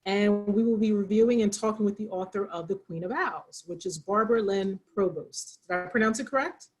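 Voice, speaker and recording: A woman's voice: medium pitch, a little fast, poor audio. Chatty Pennsylvania woman hosting a call. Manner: chatty, rambling with frequent restarts. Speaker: library program host. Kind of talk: casual moderated video call. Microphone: video call.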